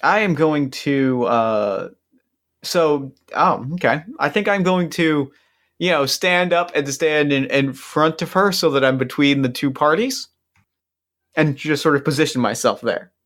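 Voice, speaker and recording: A man's voice: fairly high pitch, unhurried, a bit bright. Hesitant male player describing actions. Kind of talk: casual tabletop play.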